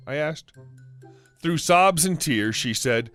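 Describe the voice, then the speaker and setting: A man's voice: on the high side, expressive, slow pace, long pauses, a bit bright. A man narrating online stories in a matter-of-fact, scripted style. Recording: faint music underneath.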